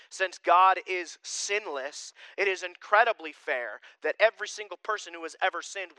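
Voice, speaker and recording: Emphatic high-voiced male pastor, bright and dry. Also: smooth, no echo, poor audio. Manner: emphatic, shifting between loud declarations and quiet asides. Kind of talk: sermon.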